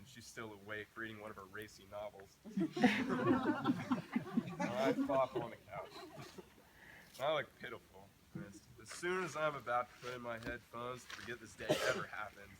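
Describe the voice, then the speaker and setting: A man's voice: mid-range voice, pushed and bright. A young man giving a camp closing talk. He tells a humorous personal story and often restarts his sentences. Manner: humorous anecdotal telling with frequent restarts. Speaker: camp speaker. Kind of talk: storytelling sermon. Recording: noisy live recording.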